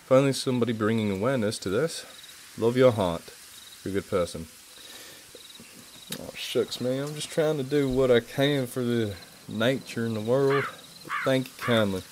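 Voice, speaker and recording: A man's voice: medium pitch, normal speed, darkish tone, slight background noise, natural voice. A man putting on a put-on American Southern good-old-boy voice while chatting playfully with viewers on a live stream. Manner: playful, self-mocking, chatty. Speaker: livestream host. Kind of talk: casual live-stream chat.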